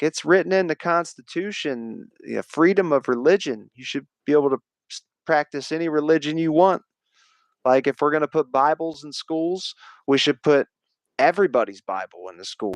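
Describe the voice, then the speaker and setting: A man at middle pitch, rambling through a casual livestream chat. He is opinionated, says "like" often and swears freely. His voice sounds dry and close, with no room sound. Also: dry recording. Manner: rambling, profane, opinionated, frequent "like". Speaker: livestream host.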